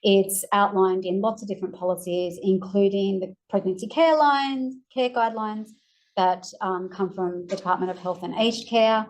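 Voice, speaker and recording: A woman with an Australian accent presenting research findings in a measured way with frequent ums, her voice going hoarse. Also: mid-range voice, fairly even intonation, poor audio. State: losing her voice. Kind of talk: academic presentation.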